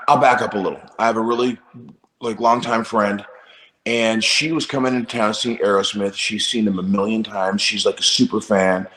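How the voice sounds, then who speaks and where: Low-voiced man telling wry stories. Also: reverberant. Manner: relaxed, wry storyteller. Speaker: musician guest. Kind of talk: casual anecdote in an interview.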